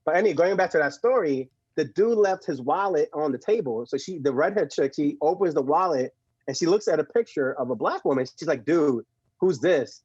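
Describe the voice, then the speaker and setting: A man's voice: fairly high pitch, fairly quick, slightly rough, no room sound. A man from Puerto Rico chats as a podcast guest, racing through his stories in a slightly raised voice. He laughs often and restarts words as he goes. The sound is dry and a bit dull. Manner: animated storyteller, laughs often, repeats words. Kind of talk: casual conversation.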